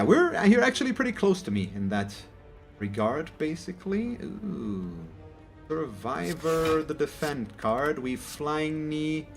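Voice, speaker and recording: Rambling German man narrating gameplay. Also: fairly high pitch. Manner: rambling, self-correcting, chatty. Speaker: gaming channel host. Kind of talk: casual gameplay commentary.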